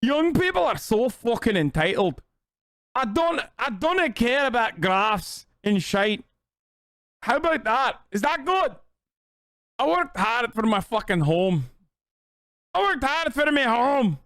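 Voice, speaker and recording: A man voicing a grumpy older Scottish homeowner with a put-on Scottish accent, shouty and sneering. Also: very high-pitched, big pitch swings, takes it slowly, dry recording, studio quality, voice pushed up, full character voice. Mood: indignant.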